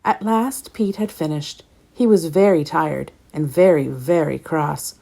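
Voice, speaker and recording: A woman reading a children's story aloud in a gentle, expressive way. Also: sits low, unhurried, vocal fry, few pauses.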